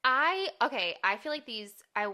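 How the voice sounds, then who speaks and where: Young woman co-host, bright forward tone, slightly high, playful banter. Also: big pitch swings, normal speed. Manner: upbeat, playful teasing, frequent laughs. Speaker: podcast co-host. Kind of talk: casual chat.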